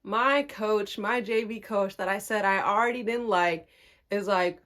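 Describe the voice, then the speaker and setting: A woman's voice: mid-range voice, unhurried, a bit bright. A young woman telling a casual storytime, acting out quotes and laughing often. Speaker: storytime vlogger.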